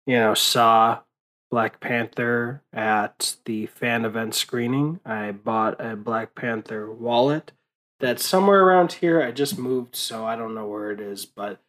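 Exhausted young man, slow unhurried talk, rambling and profane, lots of fillers. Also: medium pitch, a bit bright, low-quality recording. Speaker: vlogger. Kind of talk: casual late-night monologue.

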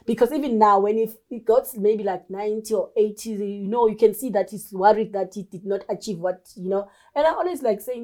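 A woman's voice: medium pitch, fairly quick, few pauses. A woman who runs her own business, talking as an interview guest. She tells her stories with energy and acts out the lines of the people in them. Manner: animated storyteller who acts out quoted dialogue. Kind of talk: casual interview conversation.

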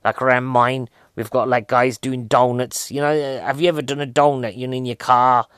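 A man's voice: medium pitch, fairly even intonation, moderate pace, fairly bright tone, clean tone, no echo. A man doing a rambling comic monologue as a stand-up comedian, often asking his listeners questions and drifting off on tangents. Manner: chatty, asks the audience questions, goes off on tangents. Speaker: stand-up comedian reviewing a film.

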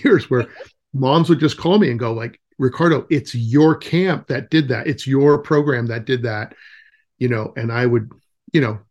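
A man in his forties, a nature camp director, telling stories as a guest in a casual interview, with lots of fillers and restarts. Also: medium pitch. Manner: rambling storytelling with many fillers and restarts.

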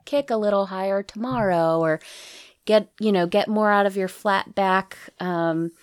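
A woman's voice: mid-range voice, a little slow, smooth, dry recording, clean studio sound. A woman who performs burlesque and music, a podcast guest speaking in an earnest, reflective way with many restarts. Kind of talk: casual interview chat.

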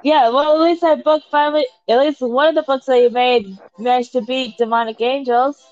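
A woman, a mother, chatting casually with her son, blunt and quick to swear. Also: high-pitched, fairly even intonation, a little mellow, muffled recording, faint music behind. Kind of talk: casual chat.

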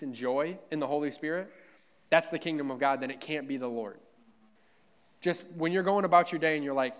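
Fervent conversational male preacher. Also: medium pitch. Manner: fervent, conversational preaching with many repetitions of "man". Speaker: pastor. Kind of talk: sermon. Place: church.

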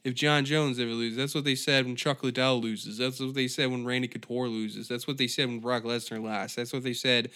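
A man's voice: medium pitch, level tone, a little fast, few pauses, sharp tone. A man hosting a podcast, ranting on his own in a profane, rambling, exasperated way. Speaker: podcast host. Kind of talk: solo comedic rant.

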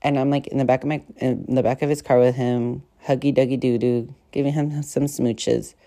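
A woman's voice: rumbling low, level tone, moderate pace, dark tone. A young woman hosting a podcast, telling stories in a rambling, profane, casual way full of fillers. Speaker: podcast host. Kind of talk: casual storytelling chat.

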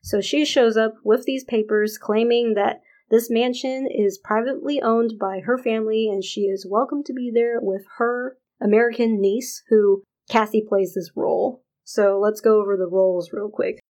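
A woman co-hosting a podcast, recapping a TV episode in a deliberate, chatty way with fillers. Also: a little high, fairly even intonation, darkish tone, poor audio. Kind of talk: casual chat.

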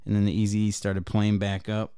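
Michigan guy on a podcast, smooth clear voice, cussing his way through a story. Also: lowish voice, monotone, moderate pace, dark tone. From Michigan, USA. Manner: profane, rambling anecdote-telling. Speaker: podcast co-host. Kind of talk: casual chat, storytelling.

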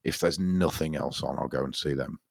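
A man's voice: extremely low pitch, brisk, creaky, dry recording, clean studio sound. A man, co-hosting a podcast, telling rambling stories with lots of swearing. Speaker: podcast co-host. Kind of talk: casual chat.

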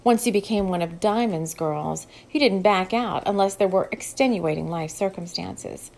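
Female audiobook narrator, mid-pitched, steady, measured read. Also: creaky. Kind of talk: scripted narration.

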